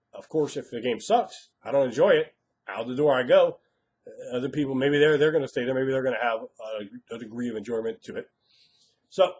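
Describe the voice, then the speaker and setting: A man's voice: medium pitch, a little mellow. A man giving blunt, emphatic advice on tabletop role-playing as a game master, acting out quoted players. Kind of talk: casual advice monologue.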